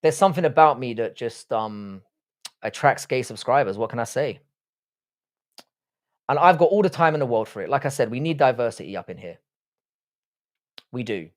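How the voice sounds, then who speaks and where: Hosting a casual live stream, an Englishman with a Southwest London accent reads the chat and banters teasingly, swearing heavily. He speaks at normal speed in an animated, medium-pitched voice and pauses often.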